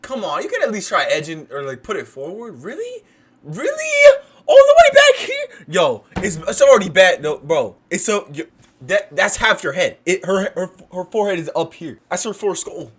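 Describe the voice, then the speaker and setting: Male streamer, lively up-and-down delivery, slightly higher voice, mocking, jokey reaction commentary. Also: moderate pace, slightly rough. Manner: joking, mocking, often laughing and trash-talking.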